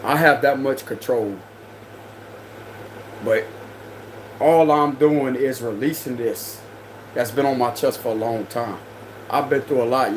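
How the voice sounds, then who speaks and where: A man's voice: medium pitch, slight background noise, rough recording. A young man reading tarot on a livestream, ranting in a heated, confrontational, slangy way. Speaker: tarot reader. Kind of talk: livestream rant.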